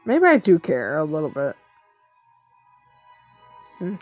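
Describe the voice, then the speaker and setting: A woman's voice: low-pitched, huge pitch swings, takes it slowly, husky, highs cut off, soft background music. A woman thinking aloud as she plays a mobile game, muttering to herself and laughing often in casual commentary.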